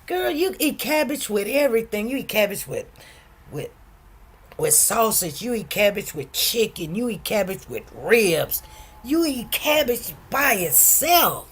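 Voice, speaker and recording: A woman's voice: mid-range voice, unhurried, breathy edge. A woman hosting a casual live chat, reading out viewer comments and telling stories in a chatty, earnest way. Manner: chatty, animated, exclaims over food; soft-spoken, earnest storytelling.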